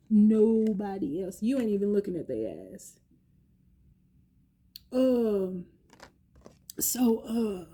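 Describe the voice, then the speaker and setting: A woman giving a chatty tarot reading, slangy and playful, with quick asides. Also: fairly high pitch, darkish tone. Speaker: tarot reader. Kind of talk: casual tarot reading monologue.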